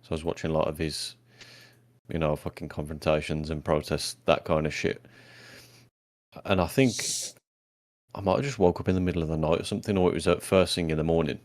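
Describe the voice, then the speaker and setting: A young man with a very low voice talks in a laid-back, drawn-out way, cursing casually as he co-hosts a podcast. The sound is close and dry, with no room around it. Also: fairly even intonation, a little mellow, dry recording. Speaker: podcast co-host. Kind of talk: casual chat.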